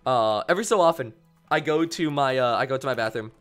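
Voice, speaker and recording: A man's voice: medium pitch, lively intonation, quick pace, a bit bright, smooth, faint music behind. A young man streaming a video game, rambling playfully and reading viewers' messages aloud. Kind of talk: casual gameplay commentary.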